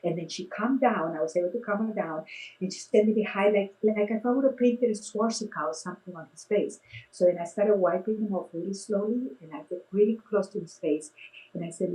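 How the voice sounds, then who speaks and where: Poor audio captures a middle-aged face painter and clown telling casual stories in a mid-range voice at a fairly quick pace. She's lively and raises her voice to act out what people said.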